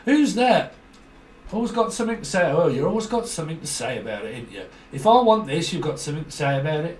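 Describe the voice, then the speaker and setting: A man's voice: fairly high pitch, big pitch swings, fairly quick, creaky. Man, tarot reader, rambling and jokey, faint background hiss, distant mic. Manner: freewheeling, jokey, laughs often. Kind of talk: rambling solo tarot reading. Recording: roomy echo from a distant mic.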